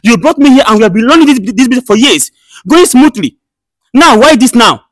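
A man's voice: very high voice, sing-song. A man acting as an angry business partner who rants heatedly at his accuser. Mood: furious. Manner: heated, rapid ranting. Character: furious male business partner, accusing and ranting. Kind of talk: comedy skit acting.

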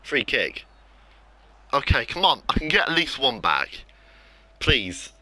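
At medium pitch, this young English gaming YouTuber speaks slowly but very animatedly, his tone sharp. During live commentary on his football game matches, he rants about his losses and pokes fun at himself.

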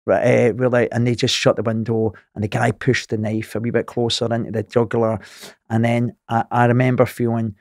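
Animated Glaswegian man telling a tale. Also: mid-range voice, brisk, no echo, studio quality. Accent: Glaswegian Scottish. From Scotland. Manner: animated, swears freely, laughs through the tale. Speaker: podcast guest. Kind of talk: storytelling.

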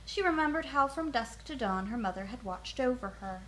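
Woman storyteller, bedtime read-aloud, gentle, soothing, fairly high voice. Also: expressive, a little fast, slight background noise, poor audio. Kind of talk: children's picture book read-aloud.

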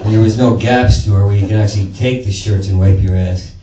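A man's voice: fairly low pitch, fairly even intonation, brisk, lo-fi sound, noisy background. Rambling profane man on a comedy stage. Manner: rambling, profane, self-interrupting. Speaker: stand-up comedian. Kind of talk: stand-up comedy set. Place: small performance space before a live audience. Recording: roomy live sound from a distant mic with crowd laughter.

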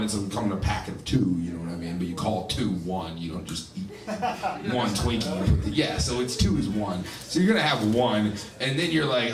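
A man's voice: on the low side, lively intonation, a little fast, recorded from a distance, crowd noise. A man in his twenties doing a profane, rambling stand-up set on a comedy club stage, often laughing at his own jokes. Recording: live club recording with audience laughter. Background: audience laughing.

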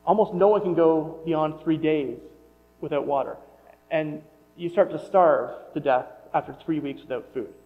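A man's voice: on the high side, moderate pace. Man preaching in a reverberant hall. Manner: conversational, self-correcting, wonders aloud. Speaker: pastor. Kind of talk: sermon. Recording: muffled sound with long hall reverb.

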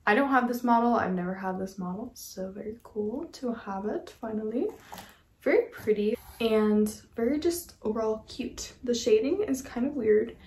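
Unboxing model horses for her vlog, a woman speaks at a moderate pace in a somewhat high, darkish voice. She gushes and chats casually with plenty of fillers, and the room echoes with a little background noise.

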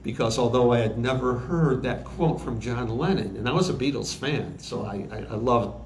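A recording engineer, a man in his sixties, tells stories for an interview, his delivery halting and riddled with fillers and restarts. The voice is medium-pitched, and the room echoes slightly over faint ambience and a bit of background noise.

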